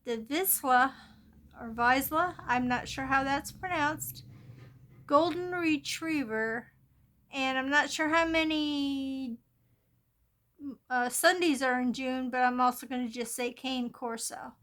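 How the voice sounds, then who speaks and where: A woman's voice: sits high, fairly even intonation, measured pace, fairly bright tone. A woman hosting a coloring channel, chatting casually and meandering with fillers and restarts, filmed on a phone from above at her craft table. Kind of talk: casual show-and-tell of coloring plans. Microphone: phone filming from above.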